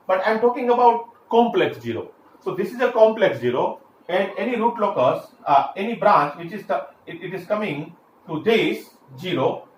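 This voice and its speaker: Male lecturer, a touch higher voice, talks through steps with fillers; roomy recording with light hiss. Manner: explains step by step with frequent fillers and restarts. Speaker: engineering lecturer. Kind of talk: classroom lecture. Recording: echoey room, faint background hiss.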